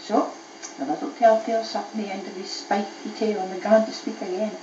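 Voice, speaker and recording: A woman's voice: medium pitch, little pitch movement, brisk, darkish tone, roomy sound, dull audio, slight background noise. A mother reading a bedtime story to her child aloud, telling it expressively, recorded on an old cassette tape.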